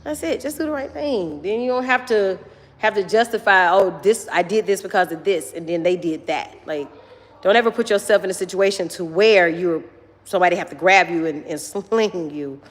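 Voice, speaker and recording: A woman's voice: medium pitch, moderate pace. A middle-aged woman hosting a casual chat, emphatic and protective as she gives advice to her daughter. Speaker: host and mother. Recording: long hall reverb.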